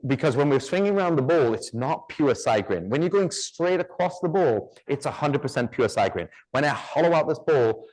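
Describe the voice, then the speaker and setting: A man's voice: fairly high pitch, lively intonation, moderate pace, few pauses, darkish tone. A man giving a live woodturning demonstration, chatty and joking, with rambling asides.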